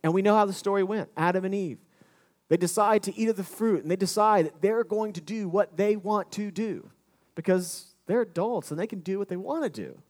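A man preaching a sermon, acting out the voices of the people he quotes, with big shifts in pace and loudness. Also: high-pitched, a little fast. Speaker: pastor.

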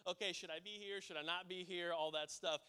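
A man's voice: high-pitched, fairly even intonation, brisk, sharp tone, smooth. A male preacher giving a sermon, telling a casual story that builds to emphatic preaching.

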